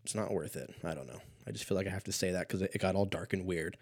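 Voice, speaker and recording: A man in his thirties, a little stoned, hosts a show with a meandering, profane comedic monologue that drifts between topics. His voice sits low and his pace is quick, and he laughs at his own jokes.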